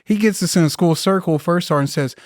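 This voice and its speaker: A man's voice: sits high, a little fast, no echo, studio quality. A man in his thirties, a Marine veteran guest on a podcast, telling rambling, profane war stories and acting out the people he quotes. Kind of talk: casual storytelling interview.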